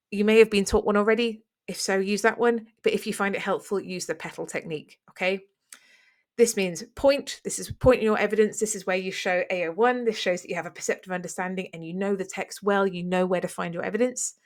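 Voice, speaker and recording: A woman teaching an exam revision lesson, explaining step by step in an encouraging way. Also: medium pitch. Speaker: English teacher.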